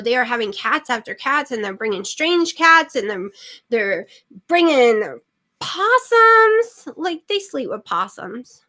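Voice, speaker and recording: Middle-aged woman host, loose rambling livestream chatter, bright and forward tone. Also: a little high. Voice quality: chatty, rambling with many fillers. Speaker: channel host. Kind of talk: casual livestream chat.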